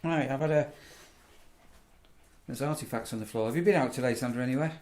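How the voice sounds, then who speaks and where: A middle-aged man, chatting casually and rambling through animated stories. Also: medium pitch, brisk. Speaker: vlogger, campsite warden. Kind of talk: casual chat.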